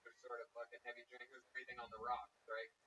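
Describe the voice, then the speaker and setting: A man's voice: mid-range voice, monotone, racing, bright, forceful tone. Man, comedy host, crowd work, profane, mocking, distant mic, faint noise. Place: comedy club stage.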